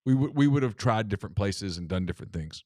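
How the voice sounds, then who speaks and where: A middle-aged man, co-hosting a casual radio call-in show and telling stories in an animated way, often repeating himself. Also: lowish voice, quick pace, no room sound, clean studio sound. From American South. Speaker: co-host.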